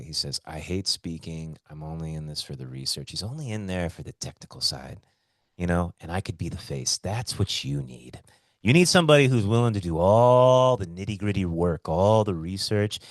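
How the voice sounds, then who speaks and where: A man on a casual comedy podcast who tells stories with big, animated swings in pitch. His voice sits a little low and turns gravelly at the ends of phrases. It is recorded dry and close, with no room sound. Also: normal speed, no room sound. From Hawaii. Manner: animated storytelling, jumps up in pitch for emphasis. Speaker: podcast co-host.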